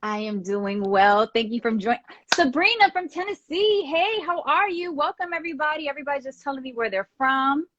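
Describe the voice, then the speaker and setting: A woman's voice: sits high, a little fast, fairly bright tone, lo-fi sound, a little hiss or hum. A woman hosting a casual live-stream chat, bubbly and laughing often.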